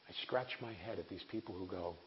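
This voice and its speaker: A man's voice: deep voice, fairly quick. A man in his forties preaching a sermon in an earnest, conversational way with wry asides. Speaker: preacher and missionary. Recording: echoey hall, dull lo-fi sound, faint hiss.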